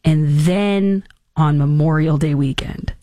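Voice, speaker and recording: A woman hosting a talk show, giving casual political commentary in a sarcastic, mocking and animated way. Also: sits low, slow pace, dry recording, clean studio sound.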